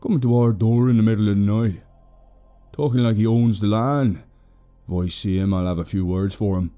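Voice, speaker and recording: A man voicing a gruff, blustering traveller uncle who talks loudly. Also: fairly low pitch, fairly even intonation, normal speed, faint music behind, natural voice. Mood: annoyed.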